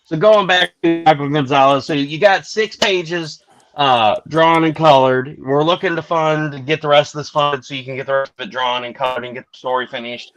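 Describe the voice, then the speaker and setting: A man hosting a casual livestream chat, thanking backers and plugging crowdfunded projects in a hurried way. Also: on the high side, fairly even intonation, a bit bright, no room sound, poor audio. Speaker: podcast host.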